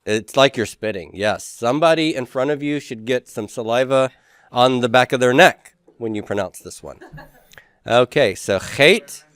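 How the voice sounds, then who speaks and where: A Hebrew teacher gives a classroom lecture, drawing out letter sounds and tossing in joking asides. His medium-pitched voice is clear, resonant, and fairly bright at a normal speed, with no room sound.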